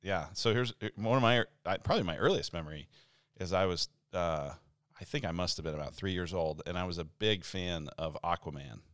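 Deep voiced podcast guy, playful chatty cohost. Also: a little fast, a bit bright, no echo, clean studio sound. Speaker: podcast co-host. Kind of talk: casual chat.

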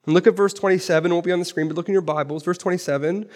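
A man preaching a sermon in a church, animated, asking rhetorical questions and repeating phrases for emphasis. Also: high-pitched, very fast, few pauses. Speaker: pastor.

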